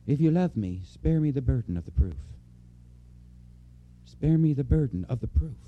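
A man delivers a conversational sermon to his congregation in a very dark, mellow voice. He speaks earnestly and personally, repeating key phrases for emphasis. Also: medium pitch, expressive, moderate pace, pauses often, dull audio. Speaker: preacher. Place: church before a congregation.

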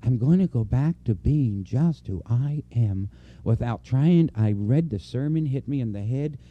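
A man's voice: medium pitch, expressive, a little slow, muffled recording. A man preaching a conversational sermon to a church congregation, earnest and personal, repeating key lines for emphasis.

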